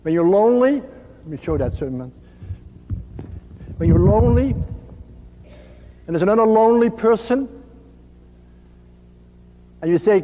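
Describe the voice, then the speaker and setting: A man preaching a sermon slowly and gently, his voice dropping to a soft hush on tender phrases. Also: sits high, lively intonation, a little hiss or hum. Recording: dull lo-fi recording in a reverberant hall.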